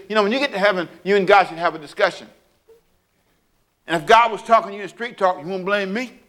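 A man preaching a sermon in an animated way, acting out little scenes with sound effects and playful asides. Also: a little high. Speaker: pastor.

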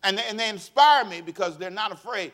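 Animated, bright-voiced male preacher. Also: high-pitched, quick pace. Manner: animated call-and-response preaching, rising to shouts; folksy, laughs at his own stories. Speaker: pastor. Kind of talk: sermon.

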